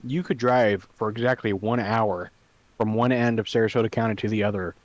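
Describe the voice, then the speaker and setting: A man's voice: lowish voice, steady tone, fairly quick, no echo. A young man co-hosting a podcast, sarcastic and skeptical, trading silly puns. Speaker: podcast co-host. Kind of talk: casual chat.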